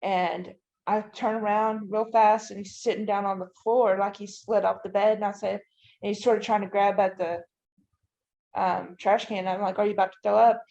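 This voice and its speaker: Gravelly-voiced woman telling a personal story. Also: mid-range voice, flat delivery, normal speed, a little mellow. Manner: tells the story in detail, often using "you know" and "I'm like". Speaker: podcast guest. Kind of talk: emotional personal account. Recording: dull, lo-fi audio.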